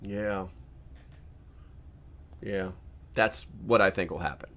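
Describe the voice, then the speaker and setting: A man's voice: low-pitched, steady tone, slow pace, pushed and bright. A man hosting his own channel, talking casually in a rambling, sarcastic way with many restarts. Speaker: channel host. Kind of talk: casual vlog commentary.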